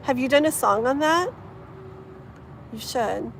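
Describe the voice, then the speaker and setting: In a high, gravelly, expressive voice, a woman takes her time and pauses often while hosting a tarot livestream outside, with wind, passing traffic, and a faint hiss or hum. She reads viewer comments aloud in an effusive, gushing way, using many fillers.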